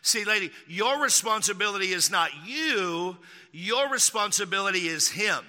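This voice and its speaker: A pastor from Texas preaches with emphatic stress, often repeating key lines. His voice is high and very bright, and it rings with the long reverb of a large hall. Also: lively intonation, moderate pace. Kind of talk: sermon.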